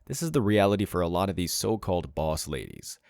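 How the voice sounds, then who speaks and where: A man's voice: low voice, very animated, fairly quick, darkish tone, no echo, studio quality. A man reading scripted commentary in a mocking, derisive manner. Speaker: channel commentator.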